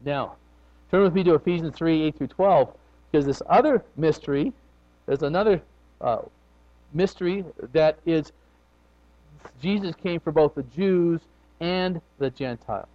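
A man's voice: unhurried, pauses often. Man preaching a sermon, lo-fi recording. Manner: conversational preaching with swings in loudness and pitch. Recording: dull lo-fi recording.

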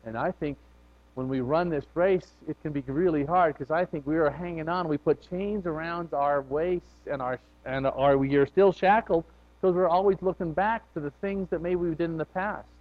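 A man preaching a conversational sermon, his voice rising and falling in loudness and pitch as he speaks. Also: normal speed. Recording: dull lo-fi recording.

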